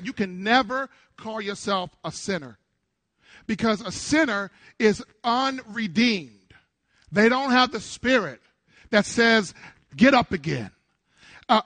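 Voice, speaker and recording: Middle-aged male pastor, high-pitched and dry-miked, preaching a lively call-and-response sermon. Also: no room sound. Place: church before a congregation.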